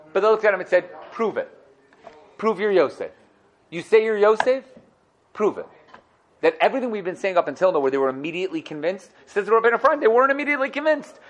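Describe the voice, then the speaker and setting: Animated high-voiced man teaching Torah. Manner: animated, dramatizes quotes with a rising voice. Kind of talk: classroom lesson on the weekly portion.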